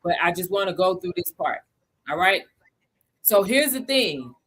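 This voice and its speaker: A woman's voice: fairly low pitch, expressive, normal speed, fairly bright tone, slightly rough. A woman hosting a livestream lesson for beginners. She talks casually, greets viewers by name between points, repeats the key figures and checks that everyone follows. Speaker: crypto educator hosting a livestream.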